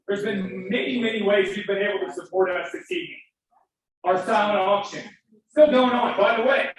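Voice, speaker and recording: A man's voice: high-pitched, a bit bright. A man giving a fervent, emphatic fundraising appeal to an audience at a live event. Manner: fervent, emphatic, breaks into emotion. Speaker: fundraiser speaker. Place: event hall. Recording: very echoey hall, distant, faint noise.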